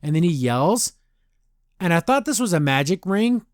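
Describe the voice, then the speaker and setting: A man's voice: high-pitched, big pitch swings, no echo, studio quality. A man hosting a podcast, giving a casual, rambling recap of a cartoon episode with lots of restarts and fillers. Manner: rambling, loose retelling with frequent restarts and fillers; slips into quick paraphrased character voices.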